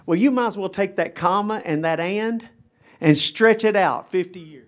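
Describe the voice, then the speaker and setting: A man's voice: high voice, moderate pace. Fervent middle-aged man preaching in chapel. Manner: emphatic, dramatic preaching with rising intensity. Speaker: pastor. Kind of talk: live chapel sermon. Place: chapel service.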